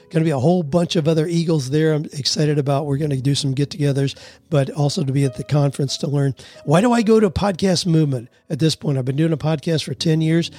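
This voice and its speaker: A man's voice: a little high, steady tone, fast, dark tone, soft background music. A man hosting his own solo advice podcast, talking in a folksy, earnest way as he answers listener questions and gives step-by-step tips. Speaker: podcast host.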